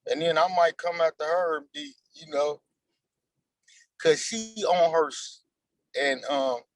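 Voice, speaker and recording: A man's voice: fairly high pitch, unhurried, no echo, low-quality recording. A man in his forties, an actor being interviewed, talking in a loose, slangy and emphatic way. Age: 40s. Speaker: actor guest. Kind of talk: casual interview chat.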